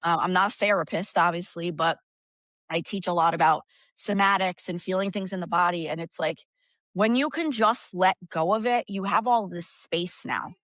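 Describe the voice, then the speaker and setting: A woman's voice: lowish voice, moderate pace, no echo. Candid, swearing woman, dry sound. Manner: candid, profane, lively storytelling. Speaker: guest, energy practitioner. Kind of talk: casual podcast conversation.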